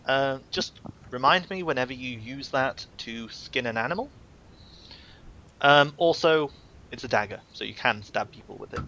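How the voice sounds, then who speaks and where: Rambling game master man, bright voice. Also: medium pitch, lively intonation, moderate pace, lo-fi sound. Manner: rambling, filler-heavy, explaining rules. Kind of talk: running a tabletop game.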